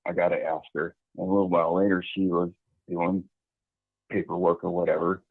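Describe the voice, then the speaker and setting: A man's voice: sits low, level tone, fairly quick, no echo. A man telling a story in a casual, rambling way, full of restarts, heard over a tinny line. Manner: rambling, hesitant, with many restarts.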